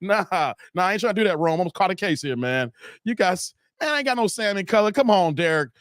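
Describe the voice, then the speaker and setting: A man's voice: high-pitched, lively intonation, fast, a bit bright, no room sound, studio quality. A man hosting a live stream, joking and laughing while reading chat aloud. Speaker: livestream host.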